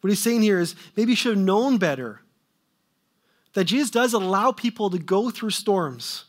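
A male preacher with a fairly high voice delivers a sermon. He swings between loud, emphatic questions and quiet asides that trail off. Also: expressive, normal speed.

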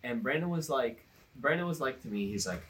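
A young man telling a rambling story in casual chat, animated, often breaking into laughter. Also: medium pitch, brisk, far from the mic, slight background noise. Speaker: podcast co-host telling a story.

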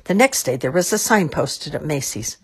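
Storybook narrator, woman, low and breathy. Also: normal speed. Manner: expressive, lilting. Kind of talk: storybook read-aloud.

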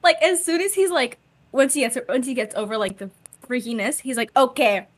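A young woman co-hosts a casual podcast, chatting animatedly and jumping into quick acted-out lines. Her voice sits a little high, and the sound is close and dry. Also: dry recording. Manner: animated, acts out quotes with laughter. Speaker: podcast co-host. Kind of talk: casual chat.

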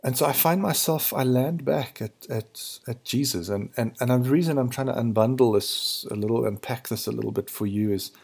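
A man hosting a podcast, thinking aloud in a hesitant, searching way, his voice hoarse and gravelly in the early morning. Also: medium pitch, moderate pace, hardly any pauses, a little mellow. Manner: searching, hesitant, restarts to find words. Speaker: podcast host. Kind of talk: reflective spiritual monologue.

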